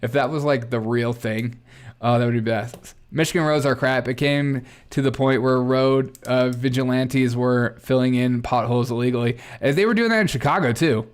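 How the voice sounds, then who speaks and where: A man's voice: mid-range voice, moderate pace, clear, resonant tone. A man hosting a casual political commentary livestream, reacting to clips with sarcasm and frequent laughter. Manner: sarcastic, laughs often, thinks aloud.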